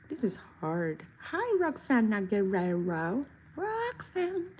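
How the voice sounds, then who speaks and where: Painting faces on a livestream, this woman keeps up a casual, self-deprecating stream of chatter and sometimes breaks into goofy singing. Her voice sits at medium pitch with a somewhat mellow quality, and there's slight background noise.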